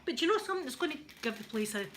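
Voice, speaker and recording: A woman's voice: high-pitched, lively intonation, racing, fairly bright tone, slight background noise, low-quality recording. A Scottish woman chatting casually while she irons, hosting her stream and laughing often. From Scotland. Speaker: live-stream host. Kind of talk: casual chat while ironing.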